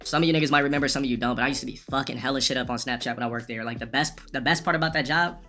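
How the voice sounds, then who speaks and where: A male streamer ranting through a personal story at a rapid clip, words tumbling out with restarts and swearing. His delivery is loose and casual, with faint music underneath. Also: mid-range voice, sharp tone. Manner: rambling, profane, restarts often.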